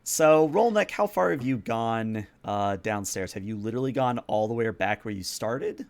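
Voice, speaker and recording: A man's voice: medium pitch, animated, normal speed, creaky. A man narrating as game master of a tabletop role-playing game, setting scenes in a loose, conversational way.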